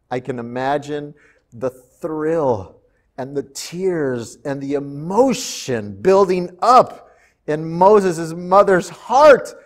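A male preacher with a voice a touch higher than most men retells a scripture story. He talks casually and with animation, often acting out the people in it. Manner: animated, conversational, slips into character voices. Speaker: pastor. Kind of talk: storytelling sermon.

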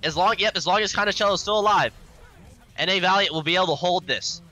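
A man with a hoarse voice casting esports play-by-play with excitable energy, coughing now and then. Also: sits high, fast. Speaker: esports caster. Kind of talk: live esports commentary.

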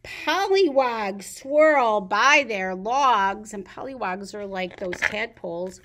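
Sing-song librarian reading to babies. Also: female voice, mid-range voice, takes it slowly. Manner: animated sing-song read-aloud. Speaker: children's librarian. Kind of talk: reading picture books and rhymes to babies.

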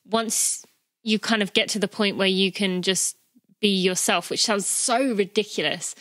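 A woman hosting a running podcast, chatting easily with a friend. Her voice is bright and forward, and the recording is close and dry with no room sound. She talks in loose, filler-heavy runs and acts out lively quotes. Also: medium pitch, measured pace, no room sound. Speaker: podcast host. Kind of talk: casual chat between friends.

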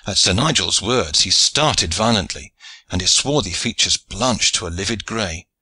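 Husky low-voiced male narrator. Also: expressive, sharp tone. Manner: measured storytelling. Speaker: audiobook narrator. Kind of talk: scripted narration.

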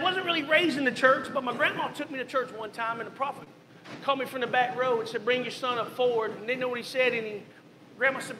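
Bright high-voiced pastor telling his story. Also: roomy sound, a little hiss or hum, poor audio. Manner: candid storytelling, conversational asides. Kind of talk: testimony sermon. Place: church sanctuary.

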